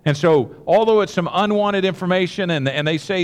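A man's voice: fairly high pitch, lively intonation, a little fast, few pauses, big-room sound. A man preaching a sermon, earnest and repetitive, with many restarts and direct asides to the congregation. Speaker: pastor.

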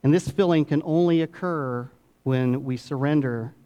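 A middle-aged male pastor delivers a sermon in a slightly high voice. He lets phrases hang with dramatic pauses, falling into quiet, confiding asides before lifting to emphatic peaks. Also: clear, resonant tone. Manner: dramatic pauses, swings between hushed and emphatic.

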